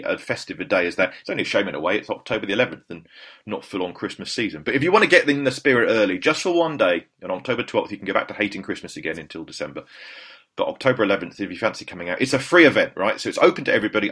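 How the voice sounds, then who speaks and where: A man hosting a podcast in a rapid, rambling, anecdotal way that keeps doubling back on itself. His voice sits low and slightly husky, and its pitch swings widely. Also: fairly bright tone. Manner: rambling and anecdotal, with self-corrections. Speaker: podcast host. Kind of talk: casual chat.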